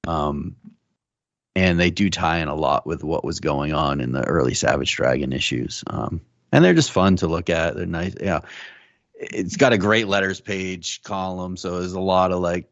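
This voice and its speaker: A man co-hosting a comics podcast, talking in a relaxed, rambling way with many ums. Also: low voice, no echo, dull audio. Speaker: podcast co-host. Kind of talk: casual podcast chat.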